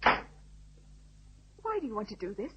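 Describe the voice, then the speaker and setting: An actress playing a frightened young housewife who stammers in a vintage radio drama. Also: female voice, a little high, very animated, slow, bright, forceful tone, husky, heavily acted. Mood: shaken. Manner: tremulous, stammering. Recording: dull lo-fi old radio recording.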